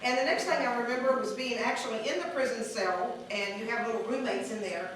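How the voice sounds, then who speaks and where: A woman's voice: on the high side, a little fast, fairly bright tone. A woman telling a comic personal story in a chatty, rambling way, laughing as she goes, recorded far off in an echoey, noisy room. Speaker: storyteller at an improv show.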